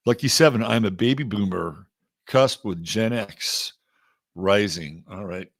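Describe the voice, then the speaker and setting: A middle-aged Texan man hosts an astrology livestream, chatting loosely and greeting viewers by name. His voice is lowish and a little slow. The studio-quality recording has no room sound.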